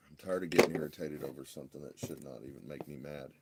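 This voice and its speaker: A man with a drawl and a very deep, low voice, talking casually on a livestream. He mutters and sounds exasperated, picked up by a phone in his home workshop. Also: fairly even intonation, fast talker, vocal fry, heavy background noise. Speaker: RC hobby livestream host.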